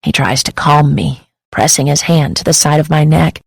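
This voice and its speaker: A woman's voice: deep voice, flat delivery, moderate pace, creaky, slightly rough, no room sound, poor audio. A woman reading a first-person romance audiobook in an intimate, emotive way on a close studio mic. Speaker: audiobook narrator.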